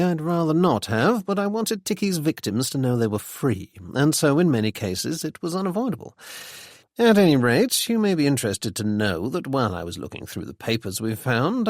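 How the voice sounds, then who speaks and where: A man voicing a young gentleman sleuth in an audiobook, speaking with dry, ironic politeness. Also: on the high side, dry recording, voice pushed up. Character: wry young gentleman sleuth, bland and teasing.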